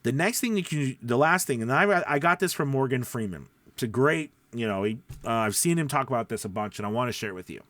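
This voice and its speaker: A man teaching voice-over in a casual video lesson, speaking close to the microphone and showing how his voice drops deep and quiet. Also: animated, fast, few pauses, no echo. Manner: demonstrates pitch, drops deep and quiet then rises. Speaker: voice-over coach. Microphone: close studio mic.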